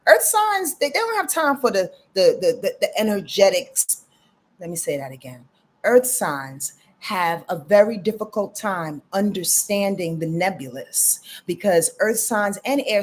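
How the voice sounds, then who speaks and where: A woman astrologer giving casual live readings, talking straight to her viewers with lots of "y'all" and "you dig?". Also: medium pitch.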